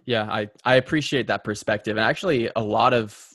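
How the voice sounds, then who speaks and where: A man's voice: on the low side, brisk, fairly bright tone, no room sound, studio quality. A young man hosting a casual conversation, reflective and hesitant, often repeating words as he thinks. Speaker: podcast host.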